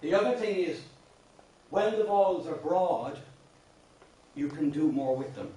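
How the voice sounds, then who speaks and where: Irish man, song teacher, slightly high voice, very echoey classroom, off-mic. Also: animated, measured pace, mellow, far from the mic. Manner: explains patiently, with many restarts, sometimes sings lines. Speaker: singing teacher. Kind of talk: workshop lecture on song. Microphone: distant room mic.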